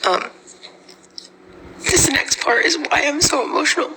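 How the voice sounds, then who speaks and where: Emotional woman telling a vision, slow and gravelly. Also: high voice, background noise. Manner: halting, emotional, slips into whispers. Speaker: testimony speaker. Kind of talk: personal testimony.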